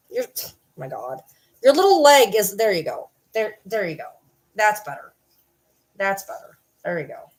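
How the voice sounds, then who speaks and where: A woman's voice: on the low side, lively intonation, moderate pace. This is a woman chatting to camera in a loose, cussing, rambling way. Her voice swoops up and down, and she keeps breaking off to talk to her dogs. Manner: profane, rambling, talks to her dogs mid-sentence. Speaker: vlogger. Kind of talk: casual chat to camera.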